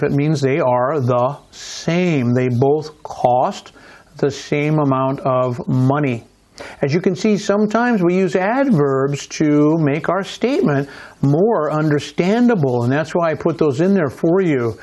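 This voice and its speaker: A man's voice: fairly high pitch, animated, darkish tone. A man with an American accent teaching an English grammar lesson, explaining step by step and often checking in with "right?". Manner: slow, deliberate explaining with frequent "right?" checks.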